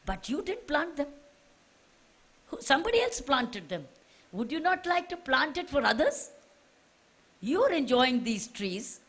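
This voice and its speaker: A woman's voice: high-pitched, big pitch swings, measured pace, pauses often, a bit bright. A woman with an Indian English accent giving a public speech to students, urging them on with repeated rhetorical questions. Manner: exhorting, fires repeated rhetorical questions at listeners. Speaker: official addressing students.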